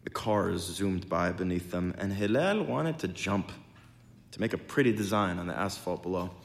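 Man giving an expressive literary reading. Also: low-pitched, moderate pace, creaky. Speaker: story reader.

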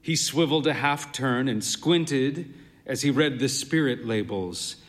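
A man's voice: medium pitch, unhurried. A man narrating a story as a weary, wry pub keeper. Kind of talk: storytelling reading. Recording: long hall reverb.

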